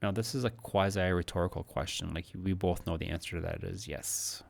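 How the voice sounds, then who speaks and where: A man teaching English pronunciation, repeating model sentences slowly in segments and explaining intonation in a casual, conversational way. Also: low voice, gravelly. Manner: slow deliberate model sentences broken into segments, casual asides. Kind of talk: recorded one-on-one lesson with screen annotation.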